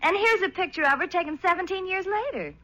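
A woman's voice: very high-pitched, animated, fast, a bit bright, poor audio. A woman doing 1940s radio comedy acting as an exasperated girlfriend, scolding her beau. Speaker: girlfriend character.

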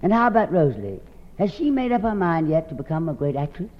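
A woman's voice: sits low, big pitch swings, fast. A woman hosting a live radio variety show, with a theatrical drawl, calling everyone darling. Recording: dull 1950s radio broadcast.

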